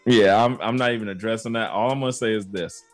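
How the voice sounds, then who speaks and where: A man's voice: on the low side, fairly even intonation, fast talker, soft background music. A man co-hosting a casual sports chat, teasing his partner with short, wry comebacks. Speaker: podcast co-host.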